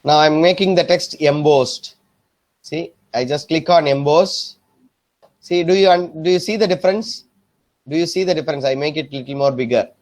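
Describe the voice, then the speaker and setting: A man teaching a software design lesson, often repeating himself and asking if the class is following. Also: a little high, moderate pace. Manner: repetitive, keeps checking "am I clear?". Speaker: design instructor. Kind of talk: screen-recorded software tutorial.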